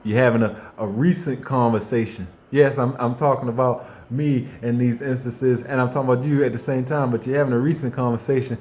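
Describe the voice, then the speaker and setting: A man giving an unscripted faith monologue in a folksy, conversational way. He repeats himself and restarts often, moving between hushed reflection and fired-up bursts. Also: medium pitch. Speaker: motivational faith speaker.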